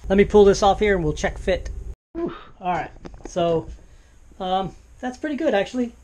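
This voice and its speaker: Halting DIY man, slightly high voice. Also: darkish tone. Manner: hesitant, many "uh" fillers and restarts. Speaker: DIY boat builder. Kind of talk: casual workshop walkthrough.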